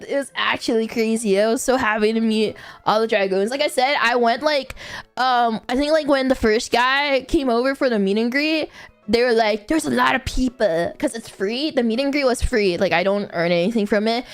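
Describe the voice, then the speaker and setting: Casual female streamer, high voice, rambling and giggly. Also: moderate pace, smooth, faint music behind. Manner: rambling, giggly, many fillers. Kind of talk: casual chat.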